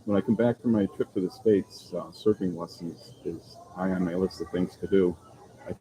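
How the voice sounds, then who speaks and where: A man with a deep, warm voice chats casually on a live stream from an outdoor seaside restaurant. He rambles easily and talks straight to his viewers. Faint insect sounds hum in the background. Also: normal speed, poor audio. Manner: relaxed, rambling, chatting with viewers. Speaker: vlogger hosting a live stream. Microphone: phone camera.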